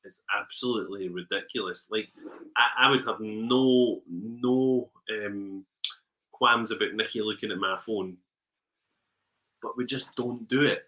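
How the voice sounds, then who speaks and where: A man's voice: fairly low pitch, measured pace, bright, forceful tone, poor audio. A man co-hosting a casual chat, telling rambling stories with frequent laughs and ums. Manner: rambling storyteller, laughs often, trails off with ums. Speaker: podcast co-host.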